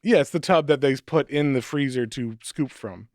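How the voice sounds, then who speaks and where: A man's voice: medium pitch, normal speed. A man chats as a podcast co-host and walks through a comic's story. He acts out the characters' lines as he goes. His voice sits in a middle register and the sound is dry, with no room echo. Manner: animated storytelling, acting out quotes. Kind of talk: casual chat recapping a comic.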